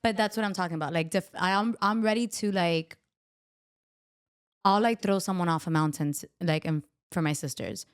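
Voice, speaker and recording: A woman's voice: lowish voice, moderate pace, clean tone. A woman hosting a podcast in casual chat, talking emphatically and full of fillers. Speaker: podcast host.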